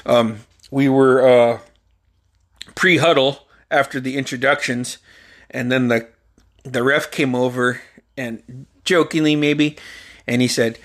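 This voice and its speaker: A man's voice: mid-range voice, steady tone, takes it slowly, long pauses. A man in his forties hosting a podcast, telling a story in a loose, profane, rambling way and laughing along. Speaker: podcast host. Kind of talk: casual storytelling.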